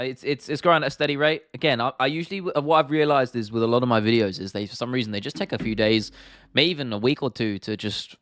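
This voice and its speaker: A man's voice: mid-range voice, a bit bright, dry recording, clean studio sound. Chatty young London man reading live comments. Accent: London English. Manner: chatty, reads and answers viewer comments, frequent restarts and "man", "bro", "mate". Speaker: livestream host. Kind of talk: casual livestream Q&A chat.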